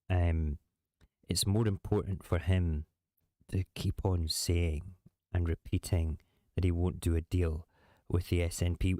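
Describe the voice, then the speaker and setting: A man's voice: deep voice, mellow, no echo, studio quality. A man hosting a show, chatting casually and sarcastically about politics. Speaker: host.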